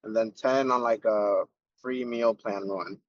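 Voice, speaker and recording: A man's voice: lowish voice, steady tone, unhurried, no echo, highs cut off. A man, a fitness coach, asking questions on a coaching call in a subdued, agreeable way. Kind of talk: reading his own short video, then chatting on a call.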